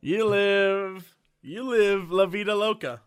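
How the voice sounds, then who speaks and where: A man co-hosting a podcast in casual chat, animated and lively, now and then breaking into mocking voices. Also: high voice, slow, clear, resonant tone, dry recording, studio quality. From United States. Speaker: podcast co-host.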